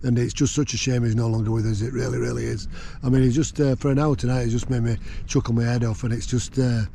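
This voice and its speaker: A man's voice: medium pitch, level tone, fast talker, vocal fry, dark tone, slight background noise. A man chatting casually from his tent while wild camping, rambling with lots of fillers. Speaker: vlogger. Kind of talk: casual outdoor chat. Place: tent on a windy hill.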